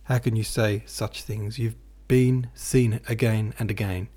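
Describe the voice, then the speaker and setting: A man's voice: lowish voice, flat delivery, a little slow, warm tone, slightly rough. A man reading aloud, voicing a distressed, pleading middle-aged German landlady in a storybook. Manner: pleading, anxious.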